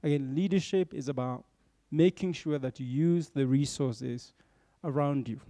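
Man, gravelly storytelling speaker. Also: medium pitch, unhurried, warm tone, no echo. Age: middle-aged. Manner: checks in with listeners with tag questions. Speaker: bank executive speaking to young leaders. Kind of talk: motivational storytelling talk.

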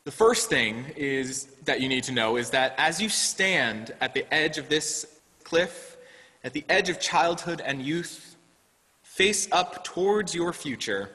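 A man who directs faith development at his congregation gives a sermon, telling a story and offering advice in an earnest, deliberate way. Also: on the high side, sharp tone. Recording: long hall reverb.

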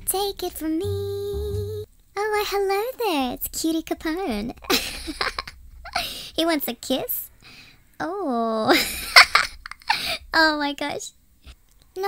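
A woman voicing a shrunken, tiny version of her game avatar, giggly and squealing with excitement. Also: very high-pitched, no room sound, voice pushed up, full character voice. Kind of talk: game voice-over.

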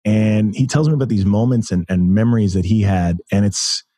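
A man's voice: on the low side, dark tone, dry recording, studio quality. A man in his thirties talking as a podcast guest in casual conversation, often restarting and stumbling over his words. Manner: halting, restarts often, fillers like "like".

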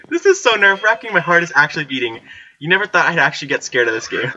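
A woman's voice: fairly low pitch, expressive, very fast, pushed and bright, slight background noise. A woman doing let's play commentary, chatty with herself and screaming and swearing whenever she gets startled. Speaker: gamer. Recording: slightly dull lo-fi recording.

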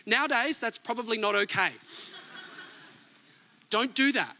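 Man, middle-aged pastor, very high voice, sharp tone, emphatic sermon delivery. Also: lively intonation, measured pace, vocal fry. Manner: emphatic preaching, rising to near-shouts and dropping soft.

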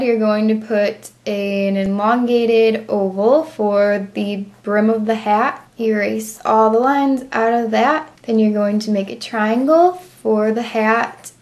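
A woman's voice: on the high side, fairly even intonation, a little mellow. Chatty woman narrating a drawing tutorial. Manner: chatty, self-commenting, measured to drawing speed. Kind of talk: voice-over drawing instructions.

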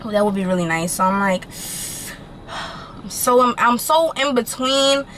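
A young woman vlogging from her car, chatting to her viewers in an animated, slangy way and swearing casually. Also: a little high, takes it slowly, slight background noise, poor audio. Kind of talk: casual chat to camera.

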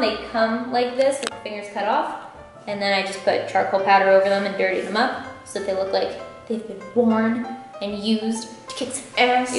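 A chatty woman explains her costume in a casual, emphatic way, her fairly high voice ringing around a very echoey room. She sounds slightly out of breath, and faint music plays underneath. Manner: chatty, explains details with emphatic jumps in pitch. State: slightly out of breath from a tight corset. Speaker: host.

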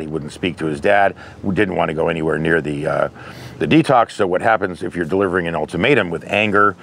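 A man's voice: sits low, a bit bright, slight background noise. A man talking candidly about family interventions in a conversational advice monologue, with anecdotes from his work.

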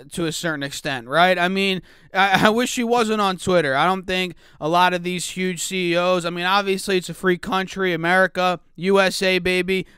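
A man hosting a casual stock market video, his voice rough from just waking up, talking chattily to viewers he calls guys and clearing his throat now and then. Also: high voice, sharp tone, no echo, studio quality. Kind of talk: casual talk to camera.

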